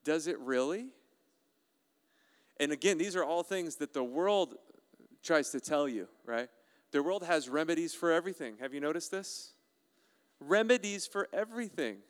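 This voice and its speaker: A man preaching a sermon as a pastor, animated and playful, often putting questions to the congregation. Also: on the high side, moderate pace, clear, resonant tone. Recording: resonant voice with long hall reverb.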